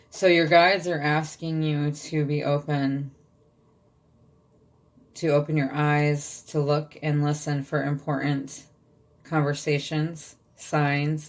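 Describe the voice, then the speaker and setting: A woman's voice: deep voice, level tone, slow. A woman giving a channeled tarot reading, reading card texts aloud and checking in with her listeners. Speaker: tarot reader.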